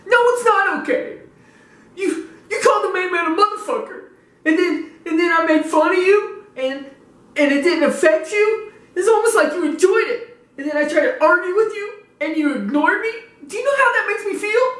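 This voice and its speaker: A man's voice: very high voice, expressive, normal speed, fairly bright tone, echoey room, pitched above the performer's own voice. A man voicing a whiny, butthurt young male gaming fan who stammers through his complaints.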